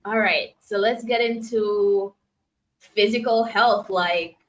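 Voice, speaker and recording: A woman's voice: mid-range voice, steady tone, slow, low-quality recording. A woman from Jamaica hosting an interview, chatting casually and laughing often. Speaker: podcast host.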